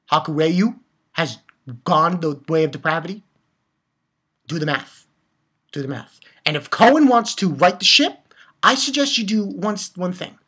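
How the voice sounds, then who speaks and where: Her voice is fairly low, a bit bright, with a breathy edge. As an anime reviewer covering a manga chapter, she rants hotly and profanely, blunt throughout and repeating herself for emphasis.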